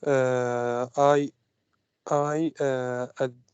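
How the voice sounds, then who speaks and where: A man's voice: mid-range voice, level tone, very slow, a little mellow, smooth, no echo. A male student answering a question in an online class. He speaks hesitantly and keeps restarting his words. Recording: dull lo-fi call audio from off-mic.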